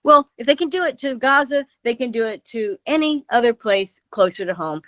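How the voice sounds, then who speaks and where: A woman with a fairly high voice delivers fervent political commentary as a radio guest. She presses her points with repeated rhetorical questions. The sound is close and dry, like call audio without room echo. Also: expressive, a little fast, sharp tone. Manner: impassioned, emphatic, rhetorical questions. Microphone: remote call audio.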